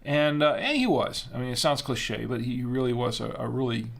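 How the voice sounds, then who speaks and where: A man with a gravelly, creaky voice hosts a casual wine-tasting livestream. He rambles loosely, with plenty of fillers and restarts, while reading out viewer chat. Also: mid-range voice, moderate pace.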